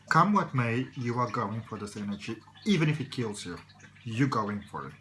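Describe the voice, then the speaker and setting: A man's voice: mid-range voice, fairly bright tone, slight background noise, poor audio. A man giving a casual tarot reading, rambling and reassuring with many fillers. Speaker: tarot reader.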